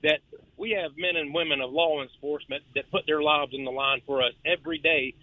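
A man's voice: on the high side, steady tone, a little fast, dry recording. Agitated male caller on a phone line. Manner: agitated, stammering repeats. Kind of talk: phone-in radio call.

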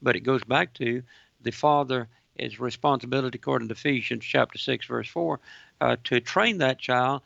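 A man hosting a Christian radio talk show, quoting scripture in a measured, teacherly way. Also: mid-range voice, vocal fry, a bit bright, dry recording. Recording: dull, muffled radio sound, dry.

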